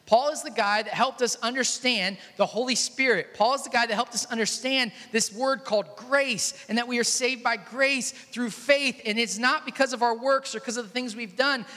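High, bright-voiced male pastor in an echoey hall. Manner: conversational, storytelling, jokes with the congregation. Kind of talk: sermon. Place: large church hall.

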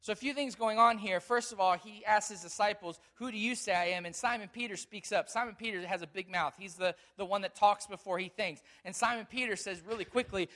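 A pastor with a notably high voice delivers a sermon, telling a family story with animated quoted dialogue before moving into scripture. He is a man who speaks in an engaging storytelling way. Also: fairly quick, few pauses.

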